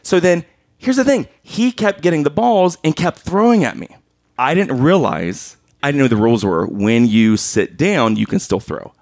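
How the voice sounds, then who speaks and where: A man as a podcast guest, telling a funny story casually and acting out his own yelling. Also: a little high, lively intonation, normal speed, dry recording.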